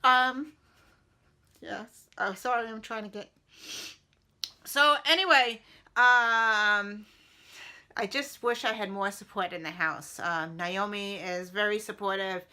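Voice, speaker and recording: A woman's voice: mid-range voice, measured pace, bright, forceful tone. A middle-aged woman talking casually to her vlog audience in a rambling, chatty way with many fillers. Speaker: vlogger.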